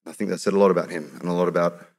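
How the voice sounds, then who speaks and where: A man with an Australian accent performing spoken-word poetry on stage, with a rhythmic, punchy delivery that rises to shouts. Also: low-pitched, steady tone, very fast. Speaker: performance poet. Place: stage in a large hall. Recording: reverberant hall with live audience.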